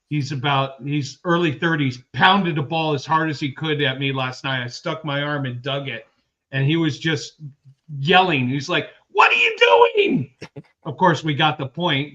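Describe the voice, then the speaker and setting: A man's voice: on the high side, pushed and bright, highs cut off. A man in his fifties co-hosting a sports podcast, rambling through personal anecdotes in casual chat. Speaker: podcast co-host.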